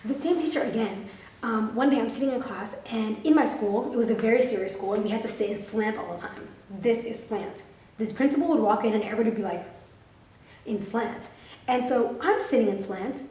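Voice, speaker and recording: A woman's voice: on the high side, a little fast. Twenty-something woman doing a storytime vlog, swears a lot, says like constantly, echoey room, mic kinda far. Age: 20s. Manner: profane, lots of "like" fillers; animated, vivid storytelling. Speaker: vlogger. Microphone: camera filming herself. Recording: roomy, mic set back.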